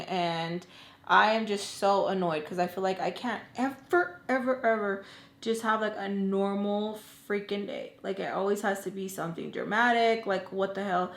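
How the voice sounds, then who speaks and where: A young woman vlogger telling a long story in casual chat, animated and full of "like", acting out angry phone calls. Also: medium pitch. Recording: echoey room, faint noise.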